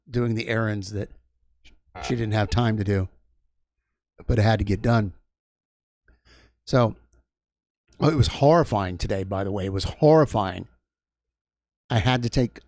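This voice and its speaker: A man's voice: lowish voice, a little slow, pauses often, a little mellow, no echo, studio quality. A man hosting a livestream, telling a long story in a casual, rambling way with many restarts and asides. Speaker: livestream host. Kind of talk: casual chat.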